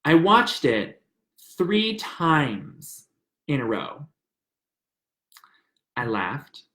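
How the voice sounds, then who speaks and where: Young man from the South, confessional storytelling, slightly high voice, echoey room. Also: big pitch swings, extremely slow, bright, forceful tone. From American South. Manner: earnest, emotional, rambling confessional. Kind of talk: personal story, casual retelling.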